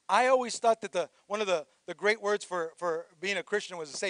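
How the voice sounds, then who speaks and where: High-voiced preaching pastor, close and dry. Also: male voice, brisk, hardly any pauses, dry recording. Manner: preaching, swells to shouted calls for praise; drops low and quiet for reflective passages. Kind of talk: sermon.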